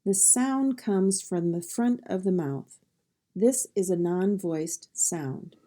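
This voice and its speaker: Very slow, dark-toned Midwestern woman teacher. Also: medium pitch. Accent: Midwestern American. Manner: drawn-out, careful sounding out of phonemes. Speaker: pronunciation teacher. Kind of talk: slow instructional speech drill.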